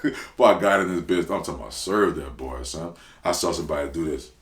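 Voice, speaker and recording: Very deep-voiced New man. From New Orleans. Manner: animated, slangy, quick bursts of excitement. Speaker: rapper guest. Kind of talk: casual interview storytelling. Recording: roomy echo.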